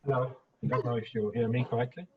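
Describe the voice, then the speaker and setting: A man with a French accent on a video call, speaking briefly and calmly. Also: mid-range voice, fast talker, muffled recording, background noise. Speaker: group participant.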